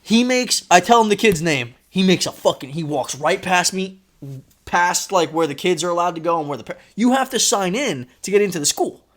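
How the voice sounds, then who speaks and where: A man co-hosting a podcast, telling a story in casual chat, animated and swearing, acting out quotes loudly. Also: high-pitched, brisk. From Florida, United States. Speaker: podcast co-host.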